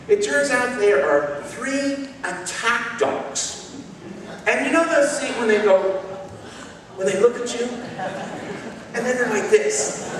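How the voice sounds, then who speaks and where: A male pastor preaching a sermon, telling stories in an animated, self-mocking way. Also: sits high, background noise. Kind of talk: sermon with humorous storytelling. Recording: echoey hall, mic far off.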